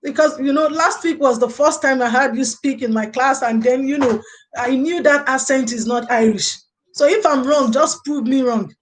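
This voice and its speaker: A woman's voice: high voice, moderate pace. A woman hosting a casual live stream as a lecturer, chatting and answering viewers' comments in a rambling way, often saying "okay" and "you know". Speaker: live show host and early childhood lecturer.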